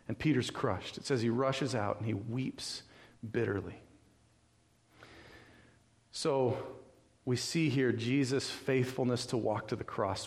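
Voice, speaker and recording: A male pastor from California delivers a sermon with lively storytelling. He slips in and out of character voices and keeps asking his listeners questions. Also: medium pitch. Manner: animated storytelling, acting out voices, rhetorical questions.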